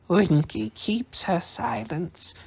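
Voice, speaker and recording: A man voicing a drunk, tearful female house-elf who squeaks, slurs and coughs as she talks. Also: very slow, gravelly, darkish tone, breathy edge, heavily acted. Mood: indignant. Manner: whimpering, indignant.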